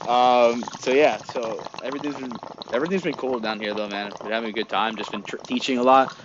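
A man's voice: medium pitch, steady tone, brisk. Laid-back young man on a muffled call. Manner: laid-back, laughing, slangy. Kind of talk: casual video-call chat. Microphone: video call. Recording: dull lo-fi video call with background noise.

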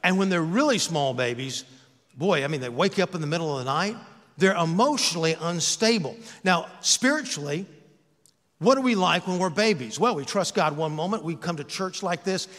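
A man's voice: on the high side, lively intonation, moderate pace, fairly bright tone, big-room sound. An older man and pastor giving a conversational sermon, asking the congregation rhetorical questions. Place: church sanctuary.

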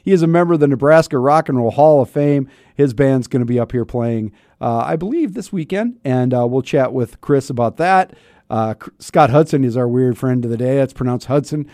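A man's voice: mid-range voice, expressive, brisk, warm tone, no room sound, clean studio sound. A man in his fifties hosting a radio talk show, chatting casually and wryly with many restarts, his throat a little scratchy. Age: 50s. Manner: chatty, self-interrupting, wry. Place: radio studio. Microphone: studio microphone.

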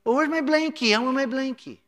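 A man voicing a whiny little boy who asks for comforts in high baby talk. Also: brisk, a bit bright. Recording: long church hall reverb.

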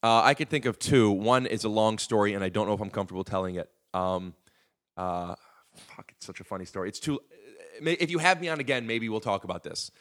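A man guesting on a podcast tells casual, rambling stories packed with profanity and filler words. His voice is lowish, expressive, and a bit bright, and he talks at a quick pace.

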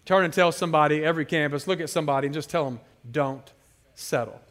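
A man with a high, bright voice delivers an animated sermon. He tells playful stories and calls on the crowd to shout back to him. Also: very fast. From San Francisco area. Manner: animated, playful storytelling with call-and-response. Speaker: guest pastor.

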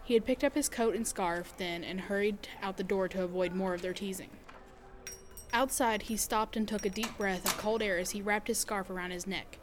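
A woman narrating a short story in an even, careful reading voice. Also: mid-range voice, normal speed, background noise.

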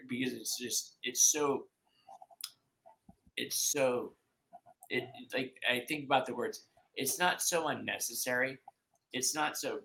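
A man talking as a guest in an interview, with a bright, pressing voice. He rambles and stops himself often, restarting sentences and filling gaps with "like.". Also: medium pitch, gravelly, a little hiss or hum, low-quality recording. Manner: rambling, halting, many fillers and restarts. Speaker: podcast guest. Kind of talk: emotional conversational interview.

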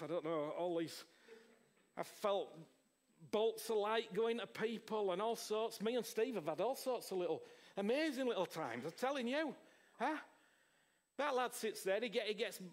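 A man, preaching an informal charismatic sermon in an excitable, rambling way. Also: high-pitched.

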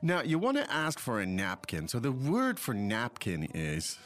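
A man's voice: medium pitch, huge pitch swings, measured pace. A man who is a native English speaker, hosting a language podcast and explaining phrases in a casual, chatty way. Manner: chatty, explanatory, prompts co-host. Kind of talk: casual teaching chat.

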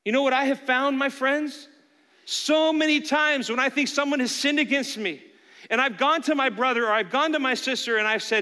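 A man with a high, ringing voice preaches a sermon, talking to his congregation in an earnest, conversational way. His voice carries through a church sanctuary with a long, trailing reverb. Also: fairly quick, pushed and bright. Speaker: pastor.

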